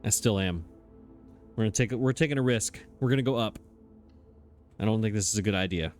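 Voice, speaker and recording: A man hosts a let's play, chatting casually into his desk mic and thinking aloud, hesitating and chuckling at himself. His voice sits fairly low, a little fast and a little mellow, with soft music in the background.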